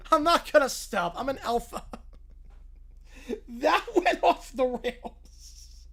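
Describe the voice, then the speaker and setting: A man's voice: very high voice, drawn-out words, long pauses, sharp tone. A man hosting a live stream, chatting casually and laughing between laid-back asides.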